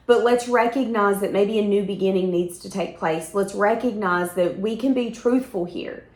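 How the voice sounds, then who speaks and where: A woman's voice: medium pitch, echoey room. A woman giving a tarot reading in a candid, emphatic way, now and then swearing. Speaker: tarot reader. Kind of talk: intuitive tarot reading monologue.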